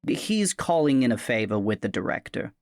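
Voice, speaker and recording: A man's voice: medium pitch, very animated, normal speed, vocal fry, darkish tone, dry recording. A man voicing a blunt, candid government agency official in a tabletop game, speaking frankly and wryly in a close, dry sound. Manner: frank, wry, conversational.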